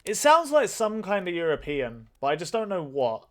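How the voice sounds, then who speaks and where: A man's voice: high voice, huge pitch swings, moderate pace, faint music behind. A man commenting on a mystery game as he plays, thinking aloud and swearing freely. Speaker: let's play host. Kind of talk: gaming commentary.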